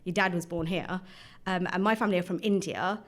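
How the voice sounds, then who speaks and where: Podcast guest: chatty woman, 30s, lowish voice, laughs a lot. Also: fairly even intonation, fairly quick. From Birmingham, England. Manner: laughs often, chatty anecdotes. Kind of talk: casual chat.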